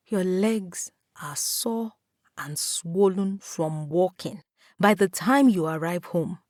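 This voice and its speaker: Slow, calm woman narrating. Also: on the low side, no room sound, clean studio sound. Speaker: storyteller. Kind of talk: second-person story narration.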